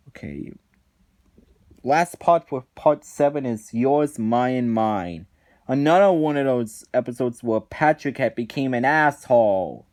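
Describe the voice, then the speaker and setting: A man's voice: medium pitch, warm tone. A man reviewing cartoon episodes in a ranting commentary, indignant and exasperated, often restarting his sentences.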